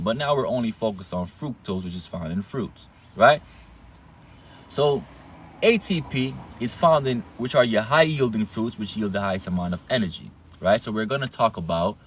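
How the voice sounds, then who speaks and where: A man's voice: lowish voice, a bit bright, slightly rough. A man with an accent lectures in a casual, preachy way, swearing often, stressing and repeating words. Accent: non-standard English accent. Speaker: online health talk host.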